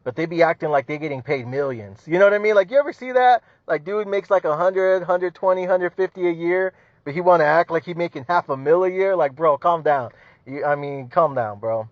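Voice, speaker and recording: A man's voice: on the high side, fairly quick, dry recording. A man hosting a podcast, ranting casually with heavy swearing, repeated "you know what I mean" and frequent laughter. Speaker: podcast host. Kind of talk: casual profane rant. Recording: dull lo-fi dry sound.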